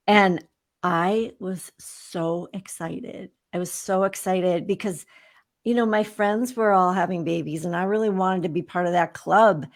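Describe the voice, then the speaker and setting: A woman in her fifties, a guest on an interview show, telling her own story candidly and with animation. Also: fairly low pitch. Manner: animated, candid storyteller who acts out remembered exchanges.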